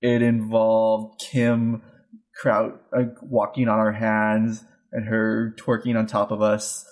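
Man chatting in a halting way. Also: on the low side, monotone. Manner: halting, with restarts and fillers. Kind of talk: casual chat.

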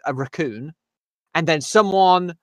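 A man's voice: fairly high pitch, measured pace, no room sound, studio quality. A man in casual chat, stammering and rambling with crude language.

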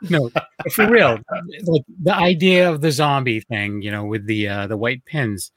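A man's voice: medium pitch, normal speed, fairly bright tone, dry recording. Joking man on a dry close mic. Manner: joking, mocking asides. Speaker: podcast co-host. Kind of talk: casual movie discussion.

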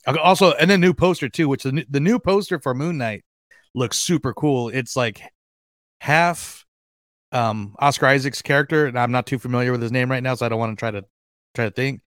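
A man hosting a fan podcast in casual chat, excitable and rambling, with lots of fillers and restarts. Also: mid-range voice, fairly quick, dry recording, clean studio sound. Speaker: podcast host.

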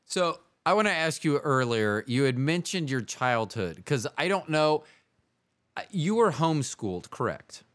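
Male podcast host, rambling questions, goofy jokes, smooth clear voice, dry close sound. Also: a little high, sing-song, a little slow, fairly bright tone, no echo. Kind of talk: casual interview.

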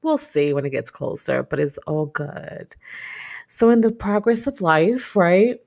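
A woman's voice: fairly low pitch, expressive, a little slow, gravelly, a little mellow. A woman from Brooklyn with a New York accent, hosting a podcast in reflective, chatty casual talk. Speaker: podcast host. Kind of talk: casual solo podcast chat.

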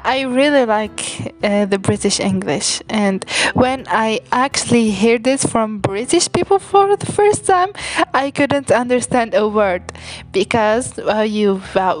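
A woman's voice: a little high, slow, hardly any pauses. A young Algerian woman with an Algerian accent, co-hosting a podcast, giggly and hesitant with many restarts. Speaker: podcast co-host. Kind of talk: casual podcast chat.

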